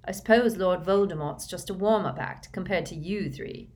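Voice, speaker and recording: A woman's voice: fairly low pitch, normal speed, a little mellow, close to an everyday voice. A woman voicing a defiant teenage boy who answers with fierce sarcasm. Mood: sarcastic defiance.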